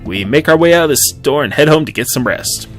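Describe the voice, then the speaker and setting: A man's voice: fairly high pitch, animated, fairly quick, a bit bright, faint music behind. A man chatting wryly while reading through a dating game, with frequent asides. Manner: chatty, wry asides, laughs often. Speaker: gaming YouTuber. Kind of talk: let's-play commentary and reading.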